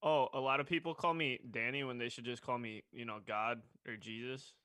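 A man's voice: medium pitch, fairly even intonation, a little fast, bright, forceful tone, no echo. Cocky guy making jokes on morning radio, dry close mic. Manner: cocky wisecracking. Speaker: radio co-host. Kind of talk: casual radio banter.

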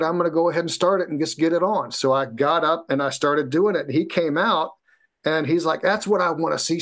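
Man, podcast guest, casual storytelling, animated quotes, swears. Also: fairly high pitch.

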